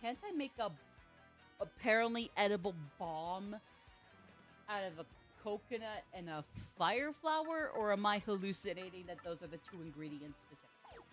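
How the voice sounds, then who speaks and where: A woman's voice: medium pitch, animated, moderate pace, fairly bright tone, soft background music. A sleep-deprived young woman streaming a game, chatting casually in a rambling, self-deprecating way. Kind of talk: casual live-stream chat.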